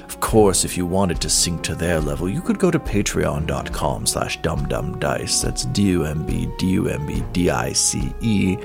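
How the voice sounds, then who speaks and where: A man's voice: rumbling low, big pitch swings, normal speed, hardly any pauses, exaggerated voice. A man voicing a vain, self-absorbed host character in a comedic ad read, pompous and grandly boastful. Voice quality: gravelly, pompous. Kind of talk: comedic sponsor-style ad read. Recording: music bed underneath. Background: guitar music.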